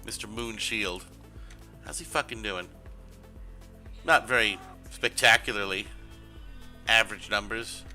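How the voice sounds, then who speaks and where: A man's voice: on the low side, a little slow, pauses often, sharp tone, faint music behind. A man chatting casually while streaming a game, rambling and sarcastic with plenty of swearing. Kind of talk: casual gaming stream commentary.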